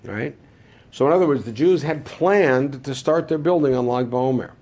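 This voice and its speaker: Man, Torah teacher, husky voice, rhetorical questions, dull lo-fi recording. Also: moderate pace, darkish tone. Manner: asks rhetorical questions and answers them; swings between low asides and emphatic high points. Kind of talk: classroom lecture.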